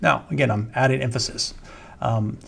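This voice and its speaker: A man's voice: mid-range voice, steady tone, normal speed, vocal fry, fairly bright tone, breathy edge. A man, a wealth management firm founder giving a conversational video update on the economy, with frequent ums and self-corrections. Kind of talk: informal video market update.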